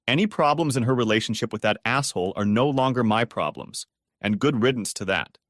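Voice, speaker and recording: A bitter, heartbroken mechanic, as a male narrator plays him in a storybook reading, clipped and resentful, ranting with a lively rise and fall. The sound is close and dry. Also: medium pitch, fairly quick, dry recording, close to an everyday voice.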